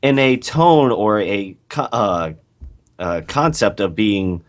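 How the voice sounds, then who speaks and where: A man's voice: on the low side, expressive, slow. A man co-hosting a casual podcast over a call, laid-back and agreeable, hesitating with fillers. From North America. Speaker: podcast co-host. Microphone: call recording.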